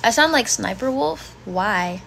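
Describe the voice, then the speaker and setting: A woman's voice: fairly high pitch, animated, measured pace, creaky, a bit bright, slight background noise. A woman in her twenties on a casual home livestream, reading chat comments aloud and reacting bluntly. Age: 20s. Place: bedroom at home.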